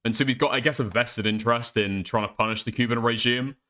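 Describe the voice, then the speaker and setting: A man's voice: mid-range voice, steady tone, fast talker, pushed and bright. A man hosting a casual reaction stream, rambling with profane, laughing asides. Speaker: streamer host.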